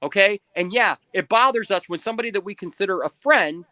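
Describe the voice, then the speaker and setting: A man's voice: high voice, fast talker, pushed and bright, no echo. A man co-hosting a live stream, arguing emphatically and repeating himself as he pleads his point in a heated debate. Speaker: stream co-host.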